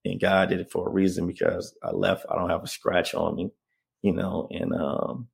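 Interview guest: a deep, gravelly man recounting his story earnestly. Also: steady tone, moderate pace. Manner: earnest, keeps asking "you know what I mean?". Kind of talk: emotional personal storytelling.

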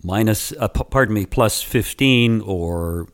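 A man with a fairly low voice hosts a casual interview. He talks in a conversational way, explaining as he goes, with small hesitations and self-corrections. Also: unhurried. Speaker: host.

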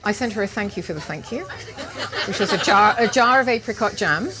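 A woman cooking teacher telling a lively personal story as an interview guest at an outdoor market event. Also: medium pitch, fairly quick, a crowd in the background. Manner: animated anecdote-telling with laughs and quoted voices. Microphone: handheld interview mic, live recording.

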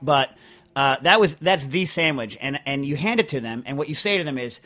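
A man's voice: fairly high pitch, lively intonation, brisk, pushed and bright. A man hosting a podcast in casual chat, rambling and emphatic, full of restarts as he answers listener mail. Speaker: podcast host.

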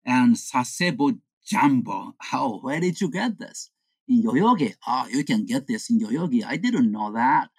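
A woman's voice: animated, slightly rough, no echo, heavily acted. A woman voicing scheming young male friends who plot a prank. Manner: conspiratorial, low and deliberate. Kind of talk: comic storytelling.

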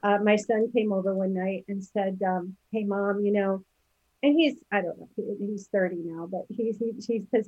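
A woman's voice: mid-range voice, fairly even intonation, normal speed, a little mellow, dry recording. Chatty fifties woman guest, loose and digressive; dull dry recording. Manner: chatty, rambling, many fillers and restarts. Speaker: podcast guest. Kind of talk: casual storytelling interview.

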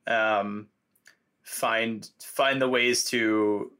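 A man's voice: on the low side, steady tone, drawn-out words, bright, forceful tone, smooth. A man being interviewed as a guest writer, talking in a loose, reflective way with many fillers. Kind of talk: casual conversational interview.

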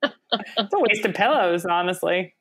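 A woman's voice: medium pitch, animated, a little slow, breathy edge. A woman co-hosting a podcast in casual chat, sarcastic and swearing, telling stories with animation. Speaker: podcast co-host.

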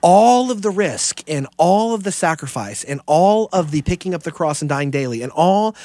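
A man with a somewhat high voice talks at length in an eager, heartfelt way. He is co-hosting a casual theology discussion. The sound is dry and close. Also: expressive, moderate pace, mellow, dry recording. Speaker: podcast co-host.

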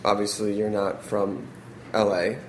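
A man's voice: on the low side, level tone, measured pace. A man hosting an interview, asking long, winding questions full of fillers. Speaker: podcast host, interviewer. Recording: roomy sound with faint noise.

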